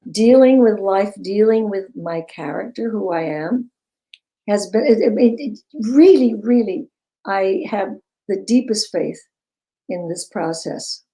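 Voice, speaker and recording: Lively older woman, mellow voice. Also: medium pitch, measured pace, rough recording. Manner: animated storyteller, breaks into laughter. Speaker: guest. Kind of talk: casual interview chat.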